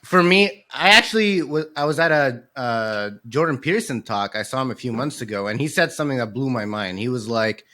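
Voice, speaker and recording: A male podcast host with a bright, forward-sounding voice. He talks in an upbeat, chatty way and laughs along easily. His pitch sits in a middle range for a man. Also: expressive, a little fast, few pauses. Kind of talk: casual podcast conversation.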